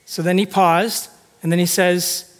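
High-voiced man preaching in a reverberant hall. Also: flat delivery, a little slow. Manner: conversational, asks the congregation rhetorical questions; acts out quoted speech with shifting tone. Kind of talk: sermon.

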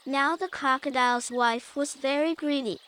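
A woman reading a children's story for a podcast, taking it slowly and gently. Her voice sits high, and every line is measured and clear for young listeners.

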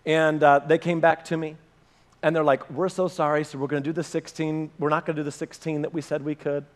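A man with a high voice preaches a sermon. He tells a personal story and acts out the back-and-forth dialogue with animation. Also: flat delivery, brisk. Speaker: pastor.

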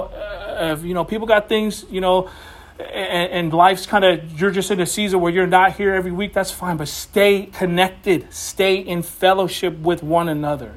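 High-voiced man preaching a chatty sermon. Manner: folksy, loose and talkative, with many "you know"s. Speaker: pastor. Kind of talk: conversational sermon. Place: church building.

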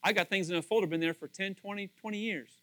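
Male pastor preaching, chatty and animated, bright punchy voice, dry sound. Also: sits high, fast talker, no echo. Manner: conversational storytelling, acts out voices; animated, swings between loud and soft. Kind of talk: sermon.

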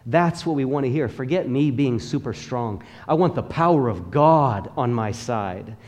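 A man's voice: mid-range voice, lively intonation, moderate pace, darkish tone. Man preaching in a reverberant hall. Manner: emphatic, rhythmic repetition; calls on the congregation to repeat. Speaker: pastor. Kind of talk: sermon. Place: church sanctuary. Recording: long reverb of a large hall.

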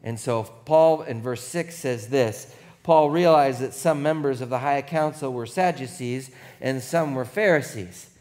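A man pastor preaching a sermon, telling the story in a lively, joking way and putting on quick voices for the crowd. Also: mid-range voice. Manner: animated, playful storytelling with mock voices for crowd.

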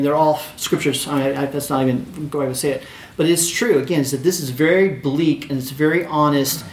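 A man's voice: on the high side, reverberant, slight background noise. A man preaching a sermon, reading scripture aloud and talking it over in a conversational way, with frequent "right?" asides and restarts.

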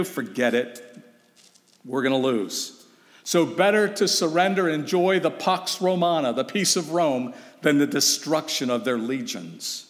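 A man preaching with urgent emphasis, throwing rhetorical questions at the congregation. His voice sits a little high for a man and rings out with a long hall reverb. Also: expressive, measured pace. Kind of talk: sermon.

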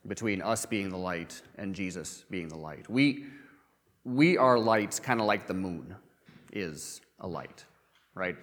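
A man preaching a sermon in a conversational way, often pausing with um and uh and repeating words as he goes. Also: on the low side, big-room sound. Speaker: pastor.

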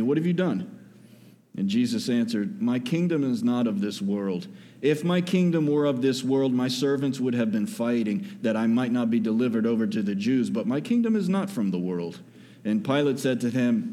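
A male pastor preaching an expository sermon, moving between quiet asides and raised emphasis. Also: medium pitch, expressive, moderate pace.

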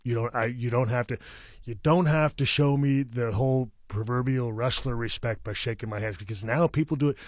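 A middle-aged man speaks quickly as an interview guest, circling back on himself with restarts and filler phrases. His voice sits at an ordinary pitch, and the recording is close and dry with no room sound. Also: no room sound. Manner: rambling, many restarts and "you know what I mean". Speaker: guest, professional wrestler. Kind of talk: casual interview conversation.

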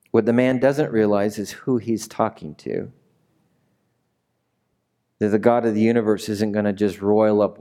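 A man's voice: fairly low pitch, dark tone. A man preaching a sermon in a conversational way that builds to emphatic peaks. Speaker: pastor.

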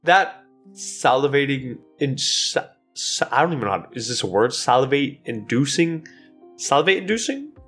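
Animated joking man co-hosting a podcast. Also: mid-range voice, normal speed, breathy edge, soft background music. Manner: animated, joking, lots of restarts and fillers. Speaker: podcast co-host. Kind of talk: casual chat.

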